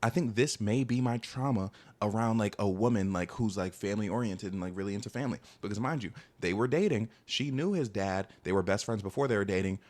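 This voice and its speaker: A young man in his twenties telling a casual, rambling story about his dating past, animated and full of asides. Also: fairly low pitch, a little fast, few pauses. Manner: animated, rambling, heavy use of "like". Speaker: storytime vlogger.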